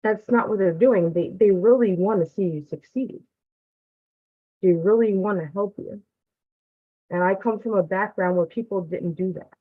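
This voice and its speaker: A woman's voice: mid-range voice, moderate pace, dry recording. Earnest heartfelt woman, tinny phone-like line, dry sound. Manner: earnest, heartfelt, close to tears. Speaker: student member of the community. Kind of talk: casual group-call testimonial.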